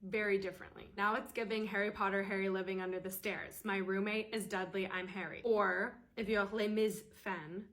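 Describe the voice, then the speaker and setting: Girl late 20s doing a storytime, fast and fed up, mid pitch. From United States. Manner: animated, exasperated, quick retelling. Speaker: storyteller vlogger. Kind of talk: casual storytime.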